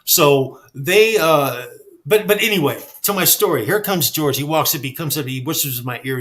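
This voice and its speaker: A man telling backstage stories in a casual chat, animated and swearing freely. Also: on the high side, moderate pace. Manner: animated, acts out quoted dialogue, swears freely. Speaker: guest storyteller.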